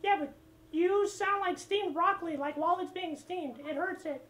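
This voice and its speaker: A woman with a very high, childlike voice, talking in a silly, innocent way for a gaming prank video. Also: normal speed, a bit bright, reverberant, slight background noise. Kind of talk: casual vlog intro and game chat prank.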